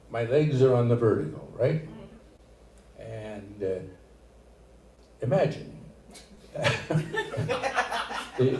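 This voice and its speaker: An older man doing a stand-up set, with a halting, rambling delivery full of restarts. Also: medium pitch. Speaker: stand-up comedian. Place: comedy theater stage, live audience. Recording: echoey room, far from mic, noisy.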